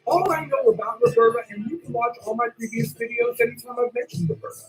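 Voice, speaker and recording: High-voiced woman ranting emphatically. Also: quick pace, low-quality recording. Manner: emphatic, repetitive, keeps asking "right?"; blunt, swears casually. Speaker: commentary vlogger. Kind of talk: ranting commentary.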